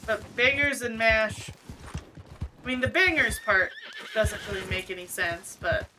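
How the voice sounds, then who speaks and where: A woman's voice: a little high, expressive, measured pace, pushed and bright, a little hiss or hum. A woman streaming a video game from home, chatting casually and laughing often as she thinks aloud. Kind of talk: casual gameplay commentary. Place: home, cat on her lap.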